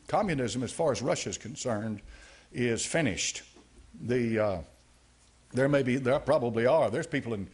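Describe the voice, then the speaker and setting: A man's voice: mid-range voice, husky. A man preaching a sermon as a pastor, emphatic, driving points home with repeated phrases.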